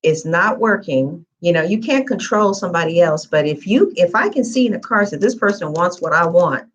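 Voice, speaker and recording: A woman's voice: fairly low pitch, animated, brisk, lo-fi sound. A woman giving a tarot reading in a casual, chatty live-stream manner with lots of fillers. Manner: chatty, conversational, frequent fillers. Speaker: tarot reader.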